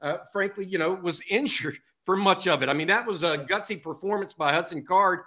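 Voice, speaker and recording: A man's voice: sits high, fairly quick, bright, forceful tone. A man hosting a live postgame football talk show, chatty and heavy on filler uhs. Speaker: host.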